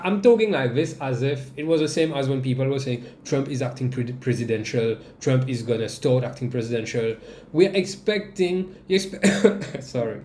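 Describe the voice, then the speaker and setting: A man of middle pitch talks through a casual podcast rant, sarcastic and animated, laughing at his own jokes. His voice rings a little in a roomy space, with faint ambience beneath it. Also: a little hiss or hum. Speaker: podcast host. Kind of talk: casual political commentary. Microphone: desk mic.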